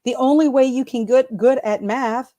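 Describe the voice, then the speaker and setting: A woman in her fifties, an educator, chatting on a video call as an animated storyteller who laughs often and acts out exchanges. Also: high-pitched, moderate pace. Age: 50s. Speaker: school proctor and educator. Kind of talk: casual video call chat.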